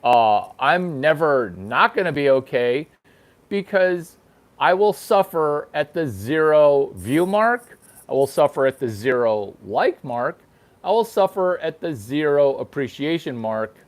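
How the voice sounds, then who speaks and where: A man hosts his own show with a crude, provocative comedic monologue that rambles and keeps repeating itself. His voice is on the high side with lively intonation at a measured pace, captured by a single microphone without sound effects.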